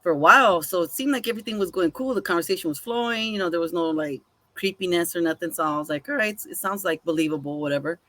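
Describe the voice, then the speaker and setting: Talking fast with a fairly low pitch, this woman co-hosts a podcast and shares a story in laid-back chat. She acts out both speakers' lines with animation and casual swearing. No room sound is audible.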